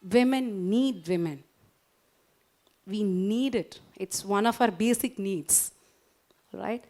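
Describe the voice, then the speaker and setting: A woman with an Indian English accent giving a motivational lecture to a professional audience, coaxing and interactive, often checking in with her listeners and guiding them through a calming exercise. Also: mid-range voice, slow. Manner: warm, coaxing, interactive, asks the audience questions. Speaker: guest speaker at a doctors' society.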